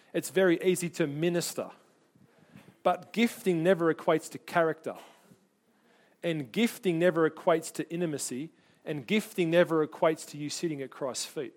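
A middle-aged man preaches with a fairly high voice that climbs and drops with his stories. He tells anecdotes in an animated way and briefly takes on the voices of the people in them. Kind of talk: sermon with personal stories.

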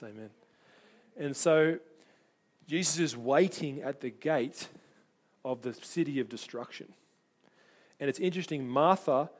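Guy preaching a sermon, earnest, kinda conversational, stumbles and repeats words. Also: on the high side. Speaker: pastor.

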